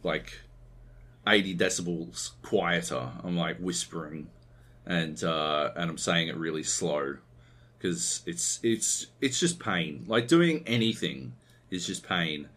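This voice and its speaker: A man's voice: deep voice, slow pace, fairly bright tone. A man hosting a podcast, telling a long, profane, rambling anecdote in casual chat. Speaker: podcast host.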